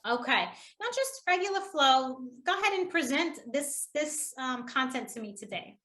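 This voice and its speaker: A woman runs a live online speaking workshop in a high, bright voice. She keeps things upbeat and encouraging, laughing easily with her participants. She talks over a computer mic on a video call. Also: animated, moderate pace. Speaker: public speaking trainer hosting a webinar.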